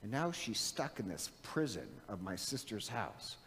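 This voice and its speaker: A middle-aged man preaching a conversational sermon as a priest, animated and chatty, often asking his listeners questions. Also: lowish voice, measured pace, slight background noise. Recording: long reverb of a large hall.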